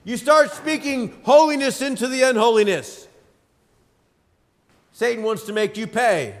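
A man in his fifties preaching a sermon, with emphatic delivery, dramatic pauses and lists, in a church sanctuary. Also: extremely high pitch, lively intonation. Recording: long hall reverb.

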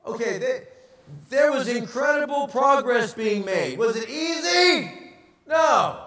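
A pastor preaching a sermon, animated and asking the congregation rhetorical questions. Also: male voice, very high voice, a little slow, reverberant, recorded from a distance.

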